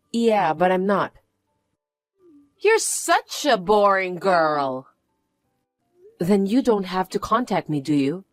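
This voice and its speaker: A woman telling a first-person story in a flat, weary, matter-of-fact way. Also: on the low side, a little slow, no room sound, faint music behind. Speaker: narrator and main character.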